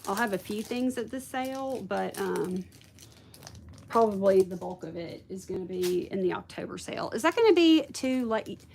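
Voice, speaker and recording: A woman's voice: medium pitch, expressive, normal speed, vocal fry, a little mellow, slight background noise. Chatty woman hosting a craft stream. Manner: chatty, thanks viewers, thinks aloud. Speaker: craft video host. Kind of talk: casual livestream chat with viewers.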